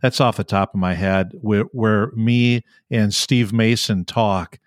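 A man's voice: fairly low pitch, fairly even intonation, slow pace, dry recording, studio quality. A man hosting a podcast, enthusiastic, telling a story. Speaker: podcast host. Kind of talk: podcast conversation.

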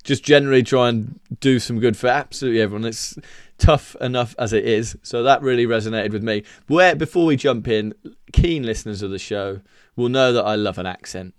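A man's voice: medium pitch, fairly quick, clean tone, no echo, clean studio sound. A man hosting a podcast, chatty and jokey with his guest. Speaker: podcast host. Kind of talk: casual interview chat.

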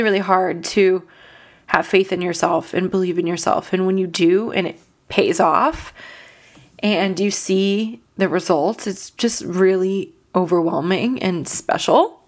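A young woman hosting a podcast, talking earnestly and emotionally with a voice cracking from crying, full of "like" and "you know". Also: mid-range voice. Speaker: podcast host. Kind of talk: casual solo podcast talk.

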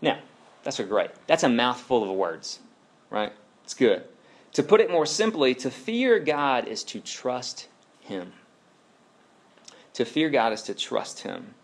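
A man in his thirties, a pastor preaching a sermon in a conversational, animated way, full of asides and questions to the congregation. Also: mid-range voice, slow pace, gravelly, long pauses.

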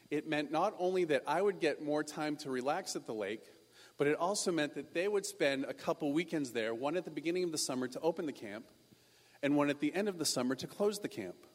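A pastor tells a personal story from the pulpit, animated and self-deprecating. His voice sits a touch high for a man. A long reverb from a large hall hangs behind him. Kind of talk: sermon storytelling.

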